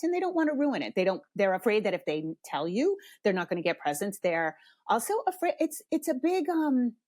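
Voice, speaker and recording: A middle-aged woman hosting a podcast, telling a story in a frank, animated way, sometimes dropping to a hushed whisper. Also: mid-range voice, no echo, studio quality. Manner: frank, swears freely. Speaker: podcast host. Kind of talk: casual storytelling.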